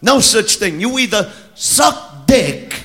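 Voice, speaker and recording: A man doing a crude stand-up rant, loud and often shouting. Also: high voice, expressive, slow. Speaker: stand-up comedian. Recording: live show with crowd and noise.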